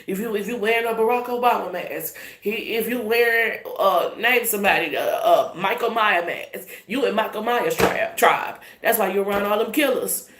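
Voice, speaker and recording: A woman delivers a tarot reading in an emphatic, profane, conversational way. Her voice sits at a middle pitch and bounces around a roomy, echoey space. A faint hiss runs under the recording. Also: normal speed, hardly any pauses, fairly bright tone. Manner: profane, emphatic, laughing asides. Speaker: tarot reader. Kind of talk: casual tarot reading monologue. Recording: echoey room, faint noise.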